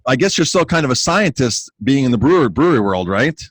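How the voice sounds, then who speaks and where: An enthusiastic man hosting a casual interview podcast, chatting loosely and doubling back on his phrases. His voice sits at an ordinary middle pitch. The sound is dry and close, with no room echo. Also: big pitch swings, fast, breathy edge. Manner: enthusiastic, repeats words and phrases. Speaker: podcast host and restaurant owner.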